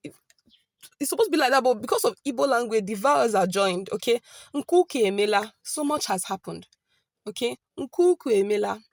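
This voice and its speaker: A woman teaching a casual online lesson, chatty and often checking in with "okay?", slowing down to repeat phrases carefully. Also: fairly high pitch, animated, gravelly, no echo. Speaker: language teacher.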